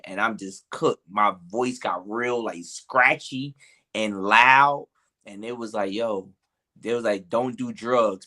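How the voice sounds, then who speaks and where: A man co-hosting a podcast, chatting casually in slang with an animated way of telling things. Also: lowish voice. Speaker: podcast co-host. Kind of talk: casual chat.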